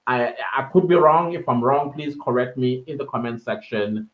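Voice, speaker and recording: A man's voice: mid-range voice, normal speed. A South African man hosting a live podcast stream, chatting casually, answering viewers' comments, laughing often. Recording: dull lo-fi live-stream audio.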